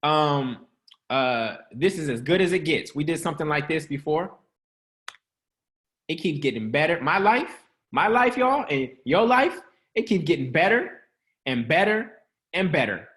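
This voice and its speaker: Playful high-voiced man preaching. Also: very animated, measured pace, a bit bright. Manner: playful, laughs often, quizzes the audience; casual, slangy delivery. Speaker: host of an online church-style teaching. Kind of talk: upbeat motivational preaching.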